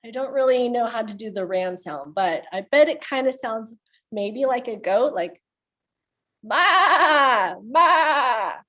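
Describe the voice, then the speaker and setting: A woman's voice: on the high side, lively intonation, moderate pace, darkish tone. A woman leading a children's storytime, reading aloud and playfully making animal sounds with the kids. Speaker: children's librarian.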